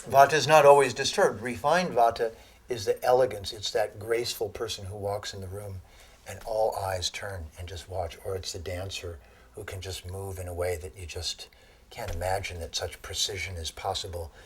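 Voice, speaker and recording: A man giving a lecture on Ayurveda to an audience, telling animated stories and laughing at his own jokes. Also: low-pitched, moderate pace. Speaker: Ayurveda teacher.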